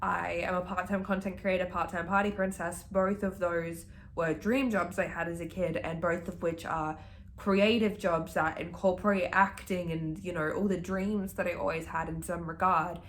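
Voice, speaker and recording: A woman's voice: on the low side, fairly even intonation, normal speed, slight background noise. A young woman in her early twenties chatting casually in a reading vlog, gushing and swearing freely. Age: young adult. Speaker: book vlogger.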